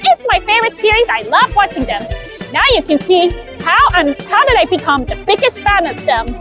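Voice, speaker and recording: A young woman with a very high, bouncy voice chats in a giggly, gushing way. Her pitch swings widely, and faint music plays behind her. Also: sing-song, a little fast. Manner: giggly and gushing, with frequent laughs. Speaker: vlogger. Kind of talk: excited theme-park vlog chat. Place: outdoor theme park.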